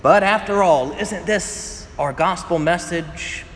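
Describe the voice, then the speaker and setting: A man preaching a sermon in a fairly high voice, mixing scripture with chatty stories and frequent laughter. His voice rings with a long reverb from a large room, and faint ambient noise sits underneath. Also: slow pace, fairly bright tone. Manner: conversational storytelling, often laughing. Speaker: pastor. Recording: echoey hall with faint ambience.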